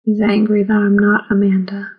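Woman, audiobook narrator, first-person memoir, measured delivery, husky tone. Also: medium pitch, completely flat delivery, muffled recording. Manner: slow, measured reading.

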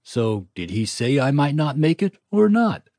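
A man's voice: a little high, very animated, measured pace, darkish tone, no echo, studio quality, pitched above the performer's own voice. A man doing a weak, mumbling young cowboy. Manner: drawling, mumbling.

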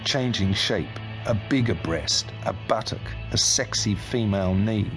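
A man narrating a literary novel as an audiobook in a steady, dry manner. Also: fairly low pitch, unhurried, music in the background.

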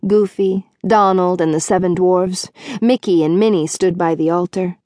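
Clean studio sound with no room tone carries a woman's lowish voice as she reads scripted audiobook narration, steady and measured in her storytelling.

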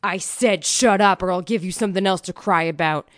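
A brutal hitman who taunts and threatens his victims, as a woman narrator voices him in a thriller audiobook. The voice sits fairly low and close, with a dry, roomless sound. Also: fairly quick, dry recording, close to an everyday voice. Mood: angry. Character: brutal menacing male hitman.

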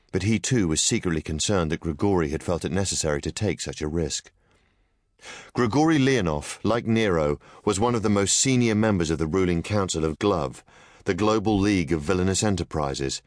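Deep-voiced man reading an audiobook in a dry booth, smooth and even. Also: no room sound. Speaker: audiobook narrator. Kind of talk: scripted narration.

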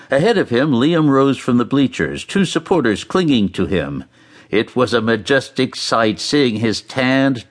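A male audiobook narrator reading a novel in a lively way, with his pitch rising and falling a great deal. His voice sits at an ordinary middle pitch. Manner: expressive, varied reading.

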